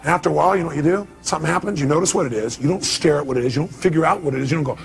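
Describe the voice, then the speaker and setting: A man's voice: fairly high pitch, very fast, gravelly, few pauses, soft background music. A middle-aged man giving a live motivational seminar talk, telling stories animatedly and acting out voices and exclamations. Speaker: motivational speaker.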